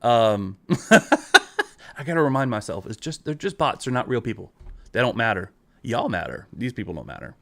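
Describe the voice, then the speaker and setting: A man's voice: medium pitch, sing-song, normal speed, creaky, pauses often, fairly bright tone. Exasperated, profane man ranting. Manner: profane, exasperated, talks straight at viewers. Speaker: online creator. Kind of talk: ranting live video.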